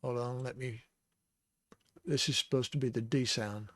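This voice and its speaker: A man teaching the Hebrew alphabet in a casual, rambling way, sounding out syllables slowly and chuckling now and then. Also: mid-range voice, steady tone, dry recording. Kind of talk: casual lesson.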